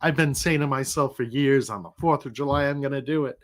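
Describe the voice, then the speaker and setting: A man's voice: mid-range voice, a little fast. A middle-aged man who is sick and recovering, hosting a casual livestream and chatting in a rambling, easygoing way, laughing now and then. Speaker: livestream host.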